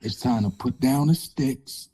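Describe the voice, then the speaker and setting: A man with a raspy, changed voice, speaking haltingly as an interview guest telling a personal story, with many pauses and fillers. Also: medium pitch, background noise.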